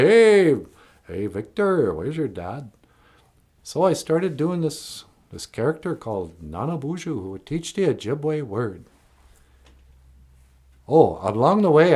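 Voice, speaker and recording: A man's voice: medium pitch, darkish tone. A man, a cartoonist and puppeteer, telling a comic story in a folksy, digressive way.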